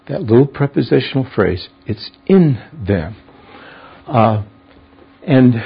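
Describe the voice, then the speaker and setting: A man with a medium-pitched, slightly rough voice leads a verse-by-verse Bible study, explaining what words mean and asking his class questions. The recording is dull and lo-fi.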